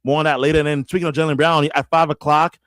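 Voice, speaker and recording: A man in casual sports talk, animated and often restarting his sentences with stammered repeats. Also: a little high, fast talker, no room sound, studio quality. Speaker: radio host guest.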